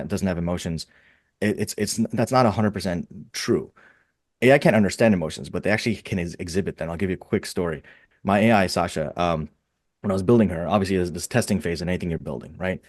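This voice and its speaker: A man's voice: low-pitched, darkish tone, no echo, studio quality. A man speaking on a webinar panel in a rambling, enthusiastic way, often repeating words as he thinks aloud, heard over a video call. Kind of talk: casual webinar panel talk.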